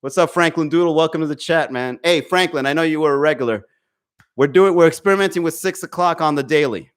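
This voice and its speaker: A man's voice: a little high, quick pace, clear, resonant tone. A man hosting a live comedy podcast, ranting profanely and greeting chat viewers by name. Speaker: podcast host. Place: home. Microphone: desk microphone.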